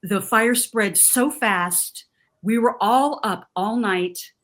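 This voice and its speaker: A woman's voice: mid-range voice, slow pace, fairly bright tone. A middle-aged woman from Southern California on a TV talk panel, telling a personal story with emotion and acting out the voices she quotes. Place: TV studio.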